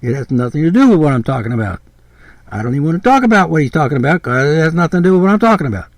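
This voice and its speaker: Older guy ranting on his podcast, kinda high voice, swears a lot, repeats himself, dry close sound. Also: big pitch swings, racing, no room sound. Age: 70s. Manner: blunt, repetitive, exasperated, swears freely. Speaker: podcast host. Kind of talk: rambling podcast monologue.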